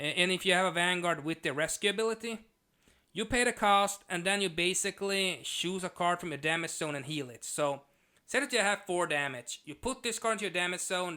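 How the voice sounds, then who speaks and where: A man reviewing trading cards in a casual, enthusiastic way, reading card text aloud slowly with frequent restarts. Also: on the high side, bright, forceful tone.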